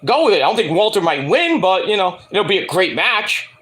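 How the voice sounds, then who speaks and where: This high-pitched, very animated man speaks briskly in a slightly bright voice. He's ranting casually to viewers about a wrestling show, rambling and profane, with jokes tossed in along the way.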